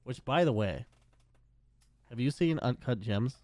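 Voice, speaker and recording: A man's voice: medium pitch, lively intonation, a little slow, darkish tone, no echo. A young man co-hosting a casual podcast chat, joking dryly and swearing casually. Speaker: podcast co-host.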